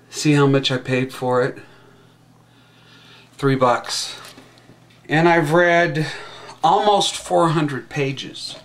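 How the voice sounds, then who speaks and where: Man, satirical monologue, unhurried drawl, halting restarts, mock-earnest. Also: medium pitch, fairly bright tone. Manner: rambling and halting, with frequent restarts. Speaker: satirical commentator.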